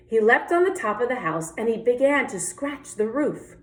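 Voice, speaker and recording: A woman's voice: mid-range voice, very animated, normal speed, few pauses. A woman teacher reading a children's picture book aloud, giving each animal its own voice and inviting the kids to sing along. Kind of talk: children's read-aloud with sung refrain. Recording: echoey room.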